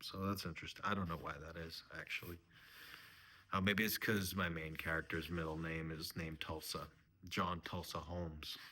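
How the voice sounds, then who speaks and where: A man's voice: sits low, flat delivery, moderate pace, sharp tone, slight background noise. A man doing a mock-serious comedy monologue, rambling and earnest, sometimes trailing off to a whisper. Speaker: comedian host.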